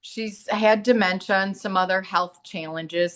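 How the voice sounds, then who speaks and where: In a steady, medium-pitched voice at a measured pace, a middle-aged woman who is a medium and a massage therapist talks earnestly as a talk-show guest. The conversation is casual, and she voices the characters in her stories as she quotes them.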